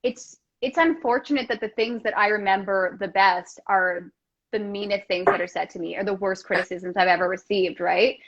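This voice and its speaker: A woman's voice: mid-range voice, steady tone, moderate pace. A woman actor speaking as a guest in a casual chat, earnest and reflective, often ending her thoughts with "right?". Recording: dull, lo-fi sound.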